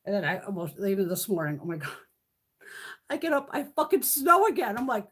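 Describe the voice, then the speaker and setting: A woman's voice: on the high side, animated, a little fast, husky. A woman in her fifties chatting casually on a live stream, rambling, swearing freely and laughing often. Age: 50s. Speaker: beauty vlogger hosting a live stream.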